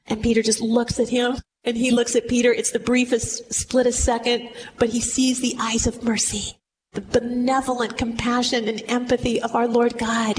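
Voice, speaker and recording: An earnest woman reads a Bible passage and comments on it, voicing the quoted lines with drama. Her voice sits a little high. A faint hiss runs under her talk. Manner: earnest and emphatic. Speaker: Bible teacher. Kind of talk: scripture reading and commentary.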